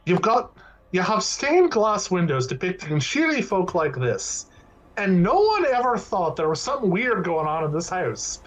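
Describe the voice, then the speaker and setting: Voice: mid-range voice, sing-song, normal speed, rough recording. A player at a tabletop game, making incredulous jokes in casual chat.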